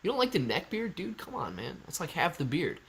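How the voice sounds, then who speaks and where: A man's voice: a little high, huge pitch swings, fairly quick, vocal fry, fairly bright tone, slightly rough. Laid-back young man reading live chat. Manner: chatty, laid-back, says dude and man a lot. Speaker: livestream host reading chat. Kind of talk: casual live stream chat.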